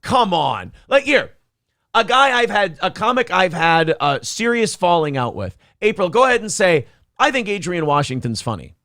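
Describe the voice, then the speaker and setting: A man hosting a podcast, reacting to a clip with animated, profane, mocking commentary. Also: sits high, normal speed, no echo, clean studio sound. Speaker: podcast host.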